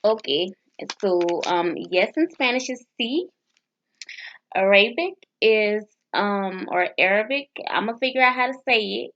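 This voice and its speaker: A woman vlogging casually as she practices foreign phrases, sounding them out haltingly with restarts and nervous, self-deprecating asides. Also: medium pitch, expressive, a bit bright. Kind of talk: casual language practice vlog. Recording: dull lo-fi sound.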